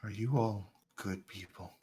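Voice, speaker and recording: A man voicing a blind old man in a tabletop game, speaking softly and hesitantly. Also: lowish voice, steady tone, close to an everyday voice. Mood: wary, quiet. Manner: hushed, hesitant, halting. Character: blind old man, wary and soft-spoken.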